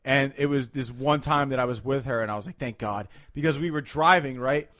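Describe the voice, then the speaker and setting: A man's voice: medium pitch, brisk, a bit bright. A man hosting a casual podcast, telling a road-rage story with a lot of swearing and heated reenactments of what he said. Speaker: podcast host.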